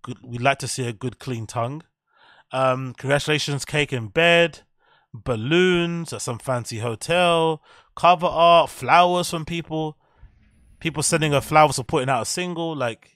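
A man's voice: fairly high pitch, a bit bright, dry recording, studio quality. Sweary mocking man. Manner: blunt, sweary, mocking, rambling. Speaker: podcast host. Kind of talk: casual commentary.

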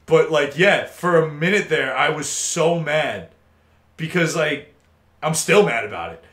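A man of twenty-two hosting a casual gaming podcast, telling a story as an animated, swearing rant. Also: fairly high pitch, unhurried, echoey room. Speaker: host. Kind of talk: casual podcast chat over gameplay.

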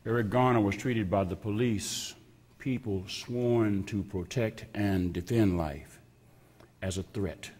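A man preaching a sermon as pastor, slow and emphatic, repeating phrases with heavy pauses and sometimes dropping to a whisper. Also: lowish voice, darkish tone. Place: church sanctuary. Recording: long reverb of a church hall.

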